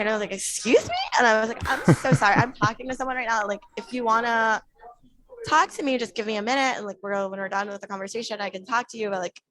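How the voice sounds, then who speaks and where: A woman appearing as a podcast guest casually tells a story, animatedly acting out the exchanges she had with other people. Her voice is slightly high, and the recording quality is rough.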